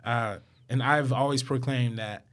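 Young male podcast co-host, casual, slangy and excited. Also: medium pitch, a little slow. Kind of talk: casual chat.

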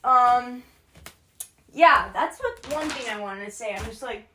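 A woman's voice: on the high side, measured pace, sharp tone, a little hiss or hum. This is a young woman filming a casual catch-up vlog at home. She rambles, stacks up fillers and restarts, and often breaks into small laughs as she moves about packing. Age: young adult. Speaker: vlogger. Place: indoors at home, packing and moving around.

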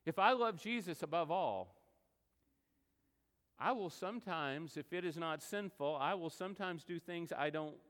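Animated preacher in a reverberant hall. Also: male voice, fairly high pitch, moderate pace. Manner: animated storytelling, acts out quoted voices. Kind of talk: sermon. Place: church sanctuary.

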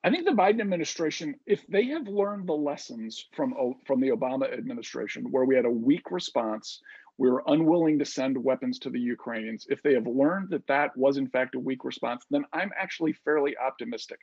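Gravelly, husky policy commentator on a dull line. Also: male voice, medium pitch, a little mellow, no room sound. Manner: deliberate, weighs conditions. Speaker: panel guest. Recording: dull, dry sound.

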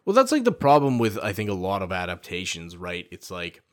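Animated man in casual chat. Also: low-pitched, fairly quick. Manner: animated, swearing, trailing restarts.

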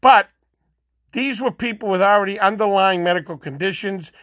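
A man's voice: high voice, normal speed, fairly bright tone, no room sound, clean studio sound. A man hosting his own podcast, ranting heatedly in solo commentary and often restarting with fillers. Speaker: podcast host.

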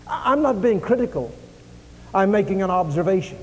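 Dramatic high-voiced preacher in an echoing hall. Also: male voice, lively intonation, normal speed. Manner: dramatic, acts out dialogue, swings from loud to hushed. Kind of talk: sermon. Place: church sanctuary.

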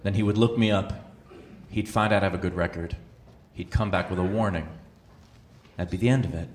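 A man's voice: sits low, fairly even intonation, fairly quick. A man doing a stand-up comedy set, telling a story with sarcastic, incredulous asides. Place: live comedy venue with audience. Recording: echoey venue with audience noise.

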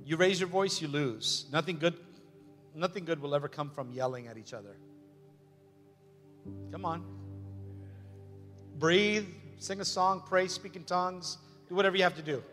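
Emphatic pastor preaching in a hall. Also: male voice, a little high, moderate pace, pauses often, fairly bright tone. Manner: emphatic, repetitive, with joking asides. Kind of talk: sermon. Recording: long hall reverb with faint music.

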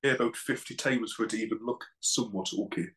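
Laid-back woman co-host, very low pitched, brief and easygoing. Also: fast talker, a bit bright. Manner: laid-back, brief replies, laughs along. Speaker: podcast co-host. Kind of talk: casual chat.

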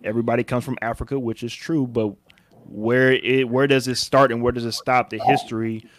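An American man in casual podcast chat, animated and swearing, often jumping into a high excited pitch. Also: brisk, no room sound. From United States.

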